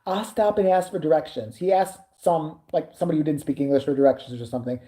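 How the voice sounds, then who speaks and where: A woman with a low, very dark and mellow voice rants through a casual story. She swears freely and sounds thoroughly fed up. She slips in the lines of the people in her story as she goes. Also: quick pace. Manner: profane, exasperated, acts out quoted dialogue. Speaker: vlogger.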